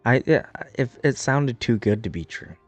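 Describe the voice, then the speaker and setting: A young American man streaming, chatting casually in a profane, rambling, animated way. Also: medium pitch, normal speed, dry recording, soft background music. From United States. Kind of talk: casual chat while gaming.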